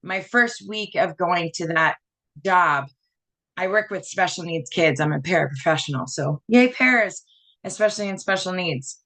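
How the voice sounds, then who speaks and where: A woman's voice: lowish voice, lively intonation, normal speed, fairly bright tone. Chatty woman in her thirties telling her story. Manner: rambling storytelling full of "like" and "you know". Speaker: network marketing presenter. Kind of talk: personal testimonial talk.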